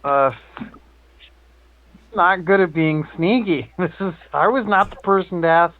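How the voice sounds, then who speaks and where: A man's voice: high-pitched, unhurried. A man playing a tabletop game, sheepish and apologetic, laughing at himself. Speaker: player. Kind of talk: casual tabletop play. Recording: dry tinny phone-like line.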